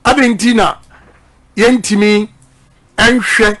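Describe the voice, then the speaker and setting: A man's voice: high voice, fairly even intonation, slow pace, a bit bright. A middle-aged Ghanaian man giving an emphatic campaign speech that drifts between English and Twi and repeats his key points. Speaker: politician.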